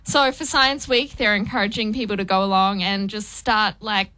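A woman's voice: mid-range voice, steady tone, moderate pace, bright, forceful tone, clean tone, rough recording. A woman on radio explaining a topic in a laid-back, casual way.

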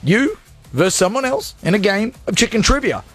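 Lively, jokey radio host man. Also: high-pitched, fairly quick. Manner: jokey, rambling, self-mocking. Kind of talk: energetic live radio show. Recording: studio with music underneath.

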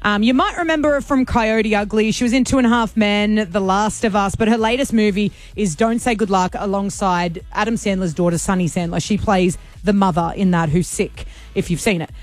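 An Australian woman co-hosting a radio show, chatty and teasing, talking into a studio microphone. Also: medium pitch. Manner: chatty, teasing, quick to laugh. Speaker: radio co-host. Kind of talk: casual radio banter.

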